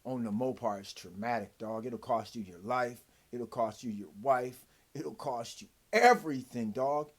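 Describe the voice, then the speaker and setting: Male vlogger, profane heated rant, dry-throated, mid-pitched voice. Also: moderate pace, hardly any pauses. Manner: profane, heated, swings from loud to low. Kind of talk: casual rant to camera.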